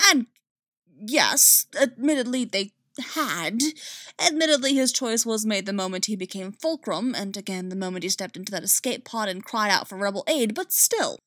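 A woman giving an expressive, dramatic reading of a story. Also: mid-range voice, moderate pace, no echo, clean studio sound. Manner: expressive, rising and falling with the drama. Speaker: reader.

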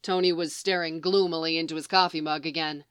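A woman reading fan fiction aloud in an even storytelling manner. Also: deep voice, a little fast, clear, resonant tone, dry recording, clean studio sound. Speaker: reader.

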